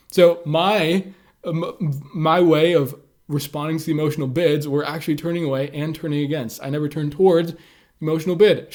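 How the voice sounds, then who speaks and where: A man's voice: a little high, darkish tone. Loose, casual man giving communication tips. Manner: loose and conversational, many "like" and "uh" fillers. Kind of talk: casual instructional talk to camera.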